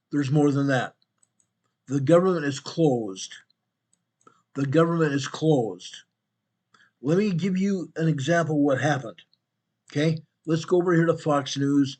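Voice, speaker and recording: A hoarse man hosting a casual talk show in a fairly high voice, his throat sore and his voice wearing thin. He talks bluntly and with strong opinions, speaking straight to his listeners. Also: a little mellow. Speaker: host.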